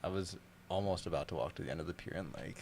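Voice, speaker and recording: A man's voice: low-pitched, fast talker, darkish tone, slight background noise. A man playing in a tabletop game, curious and asking questions. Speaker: player. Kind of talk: casual tabletop play.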